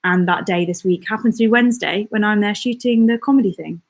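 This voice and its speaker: Young English woman, vlogger on a live stream, bubbly and chatty, mid-pitched voice. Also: fast talker. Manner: chatty, bubbly, reads viewer comments aloud. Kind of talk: casual live-stream chat.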